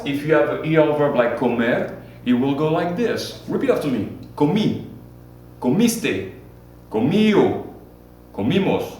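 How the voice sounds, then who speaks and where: A man teaching a Spanish grammar lesson at the board, repeating key points and drilling forms for students to repeat. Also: fairly high pitch. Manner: repetitive, drills students with call-and-response. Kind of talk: classroom lesson at a whiteboard. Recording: very echoey room, distant mic, faint hum.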